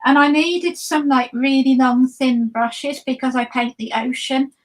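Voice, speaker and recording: Chatty high-voiced woman. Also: fairly even intonation, a little slow, poor audio. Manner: chatty, rambling, frequent ums and restarts. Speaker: guest watercolor artist. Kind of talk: live-stream art demo chat.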